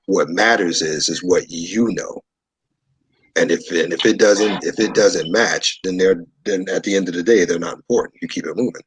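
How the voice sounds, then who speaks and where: A man from New York, a show guest, telling a story in a relaxed, conversational way and acting out what people said. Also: low voice, normal speed, slight background noise, low-quality recording. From New York, USA. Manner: animated storyteller who acts out dialogue.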